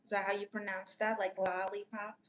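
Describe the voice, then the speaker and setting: A woman's voice: medium pitch, little pitch movement, a little fast, slight background noise, lightly acted. A woman playing a brash, teasing aunt who calls herself a therapist, chatting with her audience and calling them honey. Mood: sassy. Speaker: live-stream comedian answering chat. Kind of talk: improvised live-stream character comedy.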